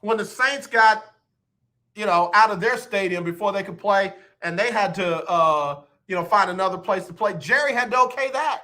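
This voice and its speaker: Emphatic sports radio host, bright voice. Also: male voice, high voice, moderate pace. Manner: emphatic, joking, repeats points for effect. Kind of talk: live sports talk radio. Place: radio studio.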